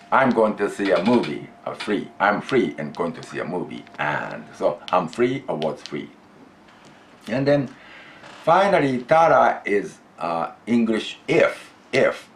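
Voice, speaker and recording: Guy teaching grammar, real slow, lots of ups and downs, low voice. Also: a little hiss or hum. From Japan. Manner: slow, deliberate explaining, prompts students to repeat. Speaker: language teacher. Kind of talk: classroom grammar lesson.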